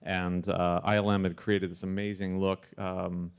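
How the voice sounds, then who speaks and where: A man, a sound supervisor, telling a story in a casual interview with animated delivery and frequent restarts. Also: low voice, a little slow, gravelly, smooth.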